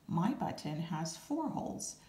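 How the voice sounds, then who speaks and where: A woman's voice: on the low side, sing-song, unhurried, mellow. A woman voicing a fussy, easily upset male toad for a children's storybook, whiny and complaining. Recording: roomy echo.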